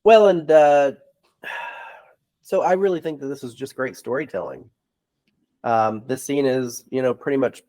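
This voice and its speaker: A man co-hosting a casual movie podcast, calmly judging scenes. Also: mid-range voice. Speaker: podcast co-host.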